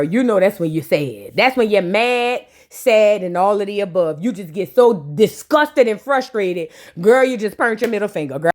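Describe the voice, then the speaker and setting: A high-voiced woman recapping a reality show in a casual, sassy gossip style. She talks straight to her viewers with lots of slang and teasing asides. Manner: chatty, sassy, slang-heavy commentary.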